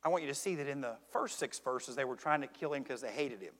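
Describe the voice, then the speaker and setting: A man preaching a sermon as pastor, swinging between hushed intensity and shouted emphasis. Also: medium pitch, fast. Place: church sanctuary. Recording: long church reverb.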